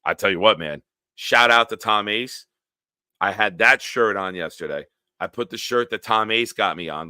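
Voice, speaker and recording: A man hosts a casual sports live stream and rants freely, swearing often. His voice sits fairly low but comes across hard and forceful. The sound is dry and close, with no room around him. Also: dry recording. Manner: profane, riled-up ranting; answers live chat comments. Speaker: sports talk show host.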